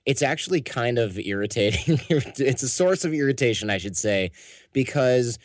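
A man's voice: mid-range voice, animated, moderate pace, no room sound, studio quality. An American man, a podcast founder, giving candid, opinionated interview answers and acting out quotes. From United States.

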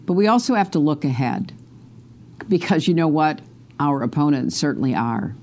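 A woman's voice: low voice, expressive, normal speed, a little mellow. Earnest woman politician addressing viewers. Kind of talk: prepared video address.

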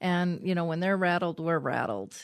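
A woman hosts an interview in a low voice, reflective and affirming as she responds to her guest. The sound is dry and close, with no room around her. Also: animated, moderate pace, no echo. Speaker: host. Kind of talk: interview conversation.

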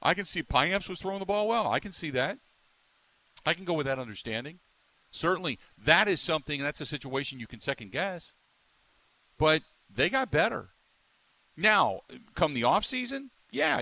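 Male sports radio host, excitable and rambling, bright, slightly high voice, dry close mic. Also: no echo. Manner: excitable, rambling, emphatic with lots of restarts. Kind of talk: sports talk radio monologue.

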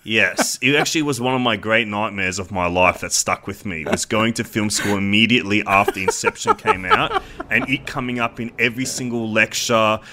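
Bright-voiced chatty man. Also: on the low side, normal speed, slight background noise. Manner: chatty, wry, animated storytelling. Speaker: podcast co-host. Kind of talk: casual film chat.

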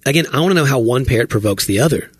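Husky guy on a podcast, voice all over the place, laughs a lot, dry close sound. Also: mid-range voice, rapid-fire, no room sound. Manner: laughs often, animated storyteller. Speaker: podcast co-host. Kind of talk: casual chat.

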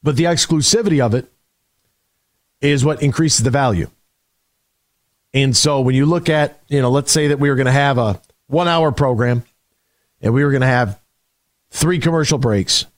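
Chatty sports radio host, dry studio sound. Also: male voice, medium pitch, brisk, long pauses, no room sound. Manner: conversational, emphatic, frequent restarts. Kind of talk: casual sports talk radio.

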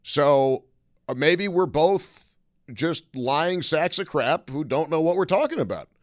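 A man's voice: fairly high pitch, animated, a little slow, no room sound, studio quality. A man hosting a call-in radio talk show, blunt and wry as he takes calls and talks about the news. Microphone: studio microphone.

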